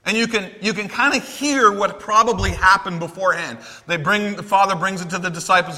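A male preacher with a high, bright voice talks to his congregation in a conversational, emphatic way. He brings scenes to life by acting out quotes. His voice rings out in a long hall reverb. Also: fairly quick, few pauses. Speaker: pastor. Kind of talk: sermon.

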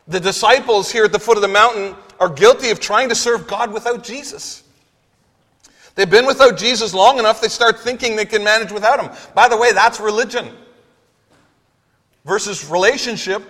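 A man's voice: high-pitched, a bit bright. A male pastor preaching a sermon in a conversational, emphatic way, in a church. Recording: long hall reverb.

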